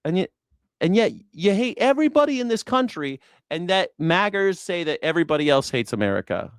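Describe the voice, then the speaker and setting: A man's voice: high-pitched, sing-song, fairly quick, smooth, dry recording, clean studio sound. A man streaming political commentary in a heated, profane rant, sarcastic and mocking his opponents. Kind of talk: ranting live stream commentary.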